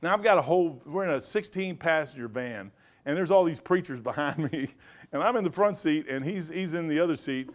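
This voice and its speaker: A man's voice: fairly high pitch, lively intonation, a little fast. Emphatic folksy preacher man. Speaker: pastor. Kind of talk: Bible study preaching.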